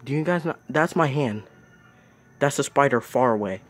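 A young nature vlogger films himself outdoors at night on a phone, speaking in a medium-pitched, animated voice at a moderate pace. He narrates casually and exclaims in squeamish alarm about bugs.

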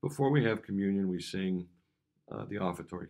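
A pastor with a Midwestern American accent speaks in a very low, deep voice. He teaches in a plain, conversational way, blunt and direct, often stopping to restart a sentence. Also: lively intonation, brisk, a little mellow. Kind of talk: devotional teaching talk.

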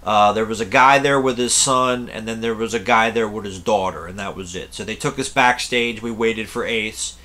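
A man's voice: fairly low pitch, moderate pace, hardly any pauses, sharp tone. A young man telling a rambling, blunt story to camera in a casual way, swearing freely. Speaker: concert reviewer.

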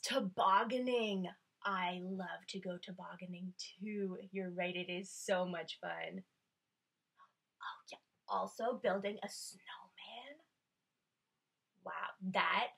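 A woman reading a picture book aloud to children, gentle and coaxing, often dropping to a soft whisper and inviting the little listeners to join in. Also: lowish voice, vocal fry, breathy edge, rough recording. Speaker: children's storyteller.

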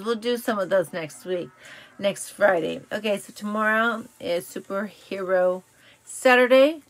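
A woman hosts a casual live stream, chatting and correcting herself while telling corny jokes and riddles. Her medium-pitched, slightly bright voice is a bit raspy from talking all day.

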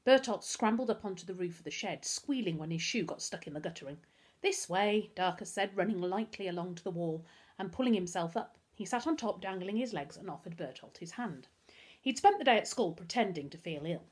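A woman reads a children's novel aloud to her pupils. Her delivery is expressive, with lively rises and falls, and her voice carries a soft huskiness. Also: on the low side, breathy edge. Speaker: primary school teacher.

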